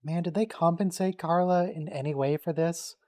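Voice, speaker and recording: A man hosting a casual watch-along stream, joking and quickly reacting to what's on screen and teasing his friends. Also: on the high side, steady tone, darkish tone. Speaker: stream host.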